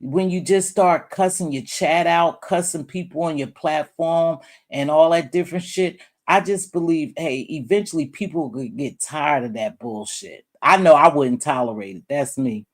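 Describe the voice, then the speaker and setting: A woman's voice: sits low, normal speed, few pauses. Woman streamer, loose rambling commentary, chats straight to viewers and fellow creators. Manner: rambling, talks straight to chat and other creators; calls viewers terms of endearment. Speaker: YouTube live-stream commentator. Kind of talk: casual live-stream commentary.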